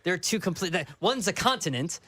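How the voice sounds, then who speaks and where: A man's voice: high voice, expressive, brisk, pushed and bright, dry recording. A man co-hosting a sports radio show, arguing his point insistently with a jokey edge. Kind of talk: casual sports radio banter. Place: radio studio. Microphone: studio microphone.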